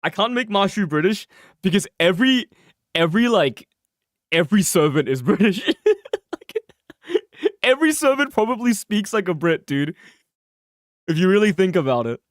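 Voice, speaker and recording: Animated young man streaming a game. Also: sits high, normal speed, long pauses, no echo, clean studio sound. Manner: animated, swearing, laughing, joking. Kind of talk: casual gameplay commentary. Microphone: close mic, peaking loud.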